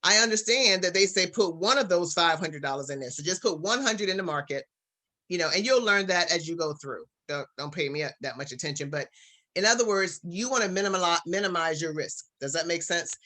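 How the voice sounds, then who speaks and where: A woman's voice: on the low side, fairly quick, sharp tone. A woman business coach giving a casual online presentation, upbeat and encouraging, talking to her audience like family.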